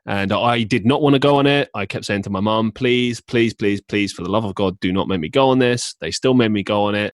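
A man's voice: low voice, no room sound, studio quality. A man who is a podcast guest, haggling in a playful way and laughing often as he chats. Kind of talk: casual podcast chat.

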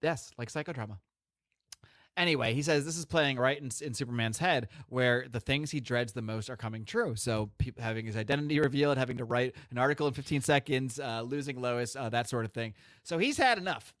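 A man co-hosting a podcast, chatting casually and retelling stories in a lively, profane way. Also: medium pitch, fairly quick, no room sound, studio quality. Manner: animated, profane storytelling with restarts. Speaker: podcast co-host. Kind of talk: casual chat. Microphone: podcast mic.

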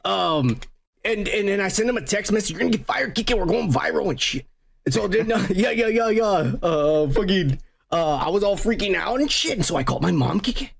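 Male podcast co-host from Mexico, gravelly, husky, profane, bickering banter. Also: sits high, lively intonation, brisk.

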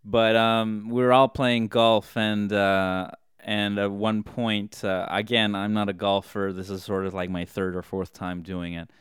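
A man with a low, smooth voice spins a long, meandering comic tale. He restarts and corrects himself as he goes. The sound is close and dry. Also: little pitch movement, a little slow, few pauses, a bit bright, dry recording. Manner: rambling, self-correcting storyteller. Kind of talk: casual rambling anecdote.

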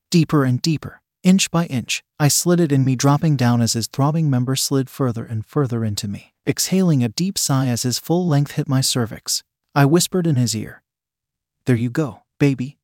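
A man reads a story aloud in a steady, unhurried first-person narration. His voice sits at an ordinary middle pitch. It is recorded close to the mic and sounds dry, with no room echo. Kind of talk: reading an erotic story aloud.

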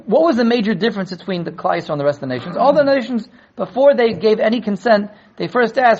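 Talmud class teacher, man, lively and a bit high, stumbles into quick restarts, muffled lo-fi sound. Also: breathy edge. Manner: animated, acts out quoted dialogue; repeats words in quick restarts. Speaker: Torah teacher.

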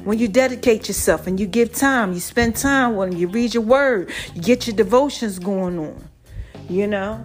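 A woman hosting a casual devotional podcast, animated and laughing, stretching out her words. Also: a little high, moderate pace, faint music behind. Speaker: podcast host.

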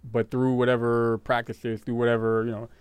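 Man, casual couple chat, mid-pitched, rambling and repetitive, dry sound. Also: completely flat delivery, moderate pace, clear, resonant tone, no echo. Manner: rambling, repeats words, laughs often.

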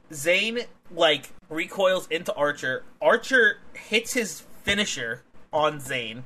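A young man chats on a wrestling podcast, recapping a match move by move. His voice is a touch high and bright. He is excitable, laughs often and swears freely.

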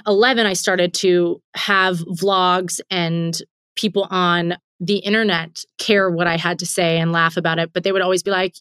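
A woman comedian from Pittsburgh, in her thirties, telling her story in an interview with lively listing runs. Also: mid-range voice, no echo, clean studio sound. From Pittsburgh, Pennsylvania. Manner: animated, lists things in quick repeating runs. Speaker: comedian guest.

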